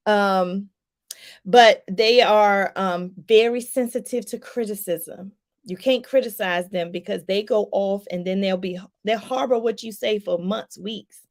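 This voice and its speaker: A woman's voice: mid-range voice, measured pace. A woman life coach talking casually to her viewers, chatty and loose, with lots of fillers and acted-out examples. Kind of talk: casual explanatory talk to viewers.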